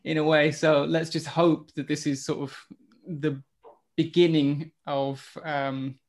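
A man hosting a relaxed football podcast chat, steering the discussion with questions. His voice sits fairly high for a man but stays flat, with little movement in pitch. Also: slow. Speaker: podcast host.

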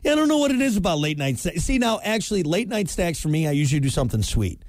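A man's voice: high voice, sing-song, quick pace, a little mellow, no room sound. A man hosting a morning radio show, joking and grumbling in casual banter with his co-host. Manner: joking, grumbles about audio.

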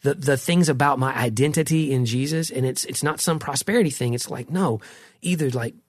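A man's voice: medium pitch, fairly quick, no room sound, clean studio sound. A middle-aged man in a casual conversation about faith, earnest and reflective, often restarting his sentences.

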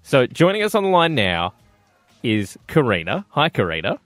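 A man co-hosting a radio show in casual banter, playful and quick to laugh. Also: medium pitch, huge pitch swings, fairly bright tone, no room sound, faint music behind.

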